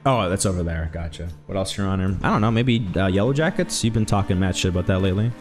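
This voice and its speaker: Animated man streaming a game. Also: low-pitched, fast talker, over music. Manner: rambling, animated, exclaims loudly when excited. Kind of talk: casual let's-play chat.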